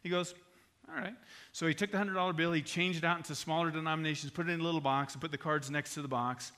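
A male pastor preaching a sermon, telling a story with animated energy and then dropping to a hushed, earnest appeal. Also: a little high, rapid-fire.

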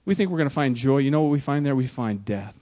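A pastor delivers a sermon with force, his mid-range voice lurching between loud cries and near-whispers, repeating words to drive points home. He's expressive and quick, and the recording is lo-fi.

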